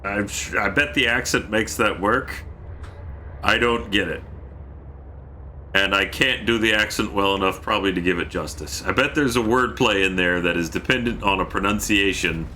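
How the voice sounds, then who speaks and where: A man's voice: on the low side, moderate pace, sharp tone, a little hiss or hum. A man streaming a game, chatting casually, joking and reading chat messages aloud. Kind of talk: casual gameplay commentary.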